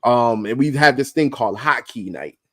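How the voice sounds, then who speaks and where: A man guest streamer talking casually in an interview, relaxed and slangy with many fillers. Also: mid-range voice, moderate pace, no room sound.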